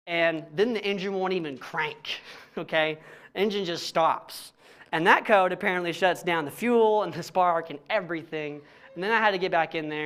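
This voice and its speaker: A young man at a church, casually telling a personal story, animated and self-mocking, acting out both sides of conversations in plain slang. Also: fairly high pitch. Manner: animated, self-mocking, laughs at his own frustration.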